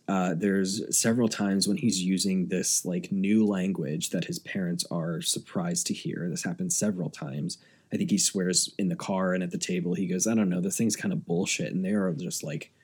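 A man co-hosting a film podcast, talking casually and fast with lots of "like" fillers. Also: deep voice, slightly rough. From United States. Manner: chatty, fast, many "like" fillers. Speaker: podcast co-host.

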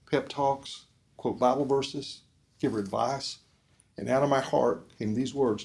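A man giving an earnest preaching talk at a forum, asking the audience questions and swinging between loud emphasis and soft, quiet lines. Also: medium pitch, steady tone, measured pace. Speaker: speaker at a discipleship forum.

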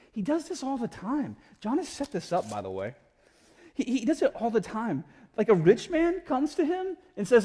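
A man preaching a sermon in an animated, conversational way, slipping into voices for the people in his stories. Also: high voice, moderate pace, slightly rough. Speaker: pastor. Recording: echoey hall with long reverb.

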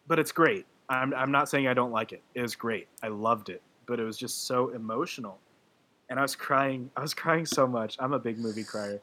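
A man's voice: mid-range voice, normal speed, pushed and bright. A man in casual podcast chat, gushing and emotional, rambling with many fillers and restarts. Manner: gushing about a film, laughing through his words.

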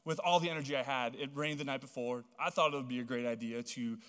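A young man from Hawaii preaching a sermon, telling stories in a chatty, animated way full of casual fillers. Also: mid-range voice, fast talker, smooth. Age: young adult. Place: church auditorium. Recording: long reverb of a large hall.

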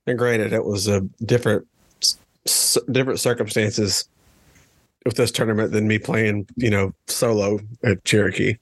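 A man's voice: lowish voice, steady tone, normal speed, no room sound. A man co-hosting a podcast, telling stories in a rambling, casual way and laughing often. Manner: rambling storyteller, laughs a lot. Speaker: podcast co-host. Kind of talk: casual chat.

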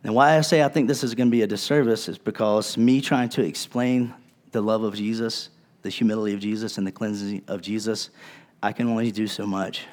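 A man's voice: fairly low pitch, steady tone, a little fast, darkish tone. A male pastor preaching a sermon in a conversational, earnest way, with casual asides to his congregation.

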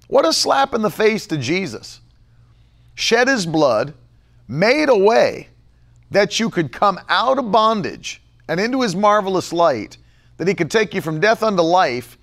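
Emphatic animated male preacher. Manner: emphatic, repeats key phrases, mocks others in a low mumbling voice. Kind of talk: livestream sermon.

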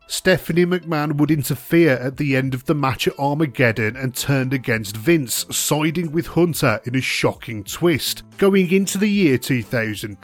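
Man narrating a wrestling retrospective. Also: mid-range voice.

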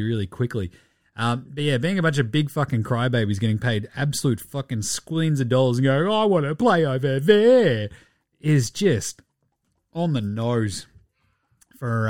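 A man's voice: mid-range voice, normal speed, darkish tone, no room sound, studio quality. A man with an Australian accent hosting a podcast in casual sports chat, blunt and sweary, often mocking others in put-on quotes. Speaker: podcast host.

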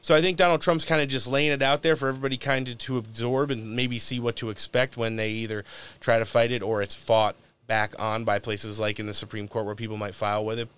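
Smooth-voiced male podcast host. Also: medium pitch, steady tone, brisk, fairly bright tone. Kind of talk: casual political chat.

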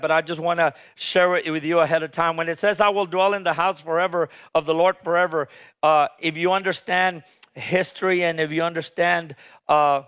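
A man's voice: a little high, a bit bright, clean tone. A man preaching a sermon as pastor, leading the congregation in call-and-response with passionate, emphatic peaks.

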